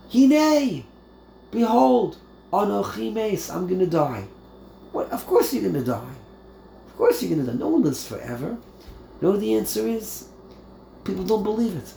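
A man teaches a verse-by-verse Torah class, weaving Hebrew terms into his English and speaking emphatically with many repeated phrases and rhetorical questions. His fairly high voice is creaky and dark, recorded with a roomy echo, faint ambience, and slight background noise.

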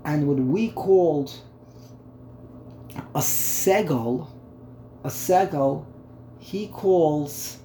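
A man's voice: a little high, extremely slow, pauses often, warm tone. A man teaching a text study lesson, thinking aloud and repeating words as he works through the terms. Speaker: Torah teacher. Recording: echoey room, faint background hum.

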